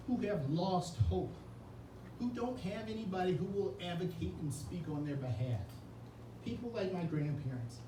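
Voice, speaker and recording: A man giving an earnest, emotional campaign speech at an indoor reception, telling a personal story. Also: high voice. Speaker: Senate candidate. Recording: echoey room, mic far off, noisy.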